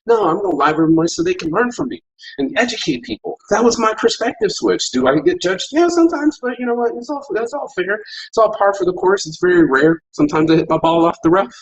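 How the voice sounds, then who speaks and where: Brief: middle-aged male streamer, husky mid-pitched voice, loose and preachy with plenty of swearing. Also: low-quality recording. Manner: rambling, profane, preachy pep talk; vaping while talking. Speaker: livestream host. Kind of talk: motivational morning livestream.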